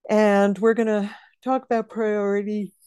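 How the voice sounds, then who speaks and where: A woman's voice: mid-range voice, little pitch movement, unhurried, warm tone, smooth, no room sound, studio quality. A woman co-hosting a casual chat over a video call, enthusiastic and laughing often, sleepy and yawning. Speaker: podcast co-host.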